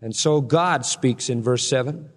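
A man preaching an expository sermon, swinging from loud proclamation to hushed emphasis. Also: medium pitch, measured pace. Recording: long hall reverb.

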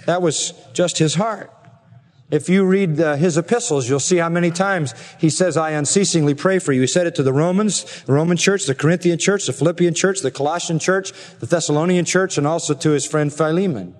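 A man preaching an expository sermon earnestly, slowing down and rising in pitch to stress his points. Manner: earnest preaching, slows and rises for emphasis. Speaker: pastor. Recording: long reverb of a large hall.

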